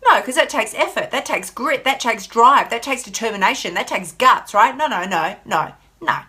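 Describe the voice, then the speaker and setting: An Australian woman coaching her viewers on a live stream, sassy and emphatic. Her voice is bright and forceful and sits a little high for a woman. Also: animated, moderate pace, husky. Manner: sassy, emphatic, reads viewer comments aloud. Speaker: life coach host. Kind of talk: motivational live stream chat.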